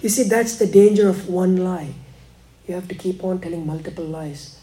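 A man preaching a sermon, dropping to hushed, slow lines and rising again for emphasis. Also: slight background noise. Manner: preaching, swings between hushed lows and emphatic rises. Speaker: pastor.

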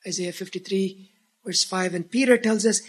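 A man preaching a sermon as pastor, earnest, swelling to emphatic peaks and dropping to hushed tones. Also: high-pitched, moderate pace.

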